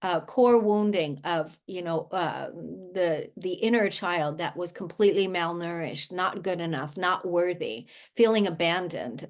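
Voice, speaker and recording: A woman guest, a life coach, speaking earnestly in a conversational interview, often restarting her sentences. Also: fairly low pitch. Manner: earnest, with frequent restarts and filler words.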